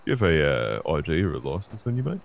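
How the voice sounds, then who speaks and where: A man's voice: very deep voice, very animated, fast, gravelly, slight background noise. A man playing a police officer in a game roleplay, addressing a driver politely and formally.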